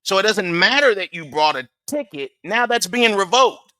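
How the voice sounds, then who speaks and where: A man's voice: high-pitched, expressive, normal speed, pushed and bright, smooth, dry recording. A man hosting a reaction channel, giving sarcastic, mocking casual commentary.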